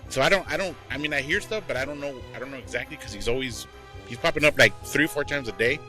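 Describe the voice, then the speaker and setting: A man co-hosting a podcast, talking casually with lots of slang and quick restarts. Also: medium pitch, faint music behind. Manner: lively, casual slang-heavy talk with "bro" and restarts. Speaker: podcast co-host. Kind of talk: casual chat.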